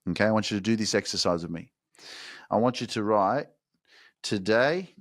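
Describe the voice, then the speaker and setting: A man's voice: lowish voice, animated, moderate pace, long pauses, no room sound, clean studio sound. A man hosting a motivational podcast, talking casually with a lot of slang and profanity and pushing his listeners hard. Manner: profane, slangy, fired-up exhortation. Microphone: microphone.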